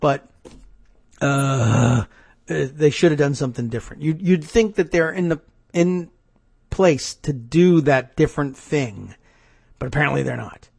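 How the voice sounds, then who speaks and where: A man's voice: on the high side, unhurried, gravelly, breathy edge, dry recording, studio quality. Sarcastic male political talk host. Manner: animated, sarcastic, exasperated. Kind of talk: political commentary monologue.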